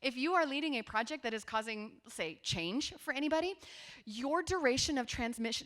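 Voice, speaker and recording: A woman in her forties giving a conference workshop talk, telling stories in a lively, conversational way with asides to her audience. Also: high-pitched, moderate pace. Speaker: workshop presenter. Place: conference room with a seated audience.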